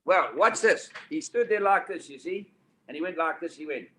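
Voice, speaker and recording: Older south african guy telling stories, bright forceful voice, emphatic and a bit preachy. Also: fairly high pitch, moderate pace, a little hiss or hum. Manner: animated anecdotes, emphatic and preachy. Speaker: guest. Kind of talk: storytelling on a talk panel.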